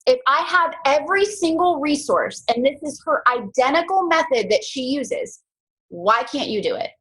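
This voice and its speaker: Woman, young adult, team leader, casual call, slightly high voice, chatty, slangy, animated. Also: normal speed, rough recording.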